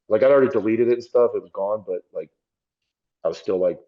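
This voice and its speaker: A former police officer, appearing as a podcast guest, tells his story bluntly and self-critically, with plenty of profanity. His voice is lowish and fast, and the recording sounds muffled. It's candid, conversational storytelling.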